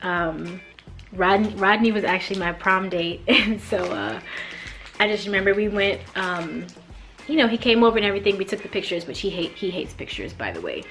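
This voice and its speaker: A young woman from the Mid-US telling a casual storytime vlog, animated and acting out quoted lines with big jumps in her voice. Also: mid-range voice, moderate pace, faint music behind. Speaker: vlogger.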